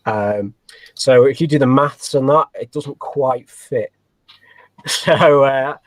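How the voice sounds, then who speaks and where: A man talks as a guest on a casual podcast. He rambles and restarts often, joking at his own expense. The sound is dry and close, at a middling pitch. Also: takes it slowly, no echo. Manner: self-deprecating, rambling, many fillers and restarts. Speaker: guest, snake breeder. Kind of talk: casual interview chat.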